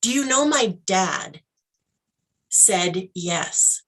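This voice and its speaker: A woman, a guest in an interview, tells a personal story with animated acted-out dialogue. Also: mid-range voice, drawn-out words. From Canada. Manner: animated storyteller, acts out dialogue, laughs often.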